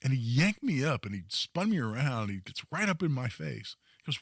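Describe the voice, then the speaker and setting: Animated male talk radio host. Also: medium pitch, a little fast, dry recording, studio quality. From Indiana, US. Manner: animated storytelling, emphatic.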